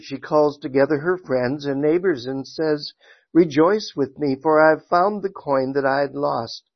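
A man's voice: on the high side, no room sound, highs cut off. A man teaching a Sunday school class, talking conversationally with fillers, then reading scripture aloud and praying. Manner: conversational with frequent fillers and restarts. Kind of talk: church lesson with scripture reading and prayer. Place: church classroom.

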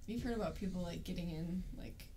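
A woman's voice: lowish voice, brisk, warm tone, a little hiss or hum, low-quality recording. A woman in casual chat with friends, telling stories with many fillers.

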